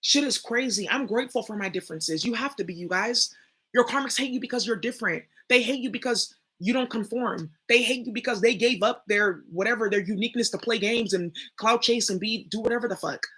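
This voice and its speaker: A woman's voice: fairly high pitch, brisk, fairly bright tone, husky. A young woman, talking straight to her viewers in a blunt, profane, emphatic monologue. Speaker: spiritual reader and channel host. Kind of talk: casual spoken monologue.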